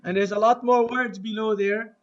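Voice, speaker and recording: A man teaching an Arabic lesson to a class, drilling phrases slowly and having students repeat. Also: high-pitched, fairly even intonation, highs cut off, soft background music. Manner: slow, deliberate drilling with repetition to the class. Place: mosque classroom.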